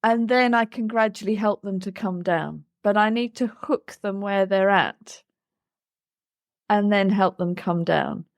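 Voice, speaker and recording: A woman's voice: medium pitch, measured pace, creaky, no room sound. An earnest woman talking as a therapist on a podcast, walking through her approach step by step. Her voice sits in a middle register and is recorded very dry and close, with no room sound around it. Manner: earnest, explains with acted examples of what she says to children. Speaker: play therapist, podcast co-host. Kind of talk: reflective podcast conversation.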